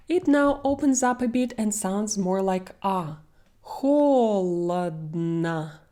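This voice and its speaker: A woman's voice: mid-range voice, mellow. A young woman with a Russian accent teaching pronunciation in an online lesson, speaking carefully and stretching out example words.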